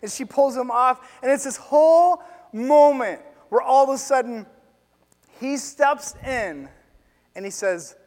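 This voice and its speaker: A man preaching a sermon as pastor, telling a story with animated swings between loud and hushed delivery. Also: very high voice, unhurried. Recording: long reverb of a large hall.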